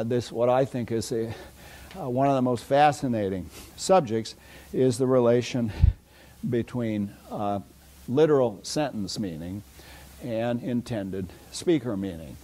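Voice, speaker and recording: A man's voice: mid-range voice, a little slow, darkish tone. An older man giving a university philosophy lecture in a rambling, digressive way, full of "uh" fillers. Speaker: philosophy professor. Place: lecture hall. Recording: lecture hall recording.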